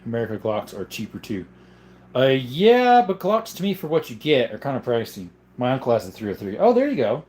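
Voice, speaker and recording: A man's voice: mid-range voice, huge pitch swings, fairly quick, darkish tone. Man hosting a casual livestream chat. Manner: reads viewer comments aloud and answers them. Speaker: livestream host.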